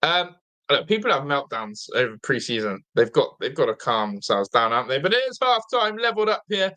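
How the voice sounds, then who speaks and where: A young man hosting a live football watch-along, chatting excitedly, reacting to play and reading viewer comments aloud, with a slightly blocked nose. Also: mid-range voice, a little fast. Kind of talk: live fan commentary and chat.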